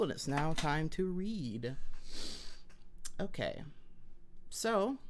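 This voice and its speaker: A woman's voice: sits low, fairly bright tone, clear, resonant tone. An American woman streaming live, chatting playfully and greeting her viewers by name. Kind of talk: casual live-stream chat. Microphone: wearing headphones.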